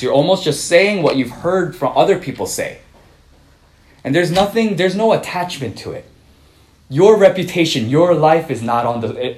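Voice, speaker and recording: A man's voice: on the high side, a little mellow, reverberant, low-quality recording. A man giving a conversational sermon, full of fillers and restarts, telling a story before turning to scripture. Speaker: pastor.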